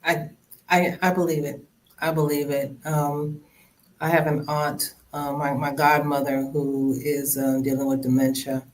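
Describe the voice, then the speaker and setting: A podcast host leading a conversational interview, speaking in a gentle, empathetic way. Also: medium pitch, level tone, measured pace, a little hiss or hum, poor audio. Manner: gentle, empathetic, acts out quoted dialogue.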